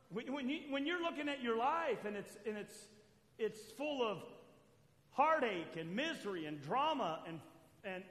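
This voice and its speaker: A man preaching a sermon as pastor, swinging between loud calls to the church and quiet asides. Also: high voice, a little hiss or hum. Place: church sanctuary. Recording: echoey church hall.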